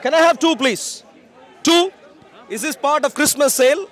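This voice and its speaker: A man preaching in the open air on a city street, his voice sitting very high as he projects loudly to passersby. He argues in a confrontational way, pressing people to answer him. A faint murmur of a crowd is heard behind him. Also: moderate pace.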